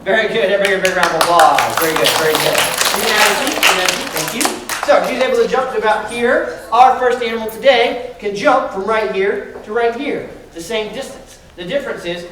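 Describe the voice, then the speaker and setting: A man presenting a live animal show to children, talking with them in lively call-and-response. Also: sits high, brisk. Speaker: animal educator. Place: large library room with a child audience. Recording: echoey hall, distant mic, crowd noise.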